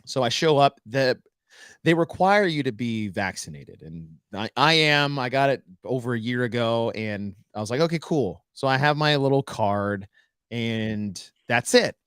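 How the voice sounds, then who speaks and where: An American man co-hosts a podcast, telling a story in casual chat and acting out the dialogue. His medium-pitched voice is expressive, a little slow, fairly bright, clear and resonant. The recording is dry with clean studio sound.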